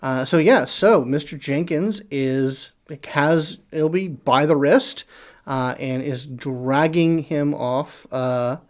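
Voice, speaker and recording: A man's voice: a little high, slow. A man running a tabletop game as game master, narrating hesitantly with many filler sounds.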